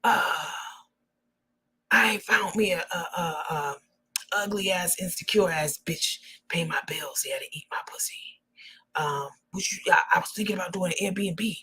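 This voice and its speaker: A woman doing a conniving hustler lady who talks crude and low, muttering her schemes half under her breath. The voice is bright and edged. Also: moderate pace, slightly rough, full character voice, poor audio. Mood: scheming.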